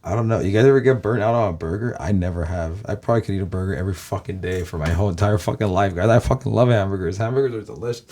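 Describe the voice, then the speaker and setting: Talking rapid-fire with hardly any pauses, this Los Angeles vlogger has a deep, mellow voice and a Californian American accent. He rambles casually and profanely at his viewers, constantly saying "guys."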